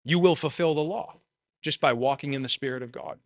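A man's voice: medium pitch, brisk, no echo. A man preaching a sermon, earnest and personal, repeating phrases for emphasis. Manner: shares personal testimony.

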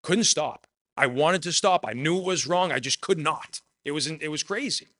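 Forceful, earnest male preacher. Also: on the high side, normal speed, no room sound. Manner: earnest, repeats phrases for emphasis; shares personal testimony. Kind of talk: sermon.

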